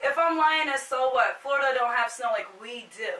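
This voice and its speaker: Woman vlogger, high bright voice, exasperated venting, echoey room heard from a distance. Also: moderate pace. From New Jersey. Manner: exasperated, emphatic complaining with swearing. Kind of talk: casual vlog rant.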